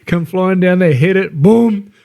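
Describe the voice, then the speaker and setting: A man's voice: high-pitched, unhurried, vocal fry, mellow. A middle-aged Australian man telling a rowdy story on a casual podcast, laughing and swearing as he goes. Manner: laughing, swearing yarn-spinner. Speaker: podcast co-host.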